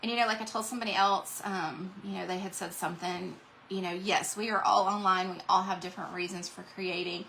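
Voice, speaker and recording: A middle-aged woman with a drawl talks loosely and warmly to her viewers as she paints, drifting from one thought to the next. Her voice has a bright, clear edge. A faint noise hangs in the background. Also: lowish voice, steady tone, brisk, poor audio. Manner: rambling, chatty, reads out viewer comments. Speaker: craft livestream host. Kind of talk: casual livestream chat while painting.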